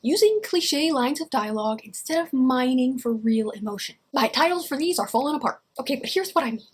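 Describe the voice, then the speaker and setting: A woman's voice: fairly high pitch, husky. A woman giving casual writing advice to camera, chatty and wry, with plenty of "you know" fillers.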